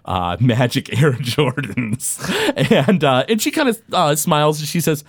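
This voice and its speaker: A man narrating a tabletop game as game master, halting with many fillers. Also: a little high, animated, breathy edge, no echo, studio quality.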